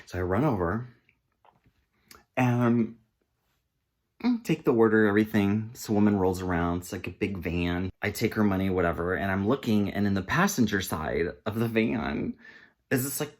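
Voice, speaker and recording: Sassy, animated man telling a story. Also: on the low side. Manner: sassy, animated, calls listeners honey and girl. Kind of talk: casual storytelling to camera.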